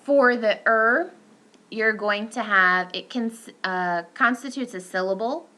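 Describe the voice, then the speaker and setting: A woman's voice: on the high side, slow pace, pushed and bright. A young adult woman giving a recorded lecture, explaining step by step with fillers and self-corrections.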